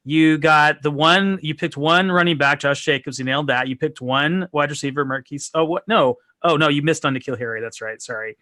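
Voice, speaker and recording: Bright, upbeat male host. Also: on the high side, fairly even intonation, normal speed, hardly any pauses, dry recording. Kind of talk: casual podcast chat.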